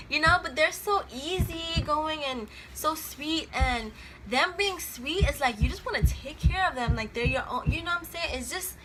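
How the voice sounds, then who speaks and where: A young woman in her twenties talks to the camera as if to a girlfriend, loose, slangy and rambling. Her voice is bright and a little high. Faint room noise sits behind her. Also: animated, measured pace. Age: 20s. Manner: chatty, rambling, laughs often, slangy. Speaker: vlogger. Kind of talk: casual chat to camera.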